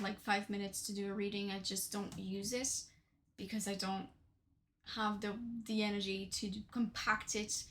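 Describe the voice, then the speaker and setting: A woman's voice: medium pitch, noisy background. A young woman from Portugal chatting casually about her tarot decks, with frequent fillers and tag questions. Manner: chatty, many fillers and "right?". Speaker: tarot deck reviewer. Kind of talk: casual deck showcase.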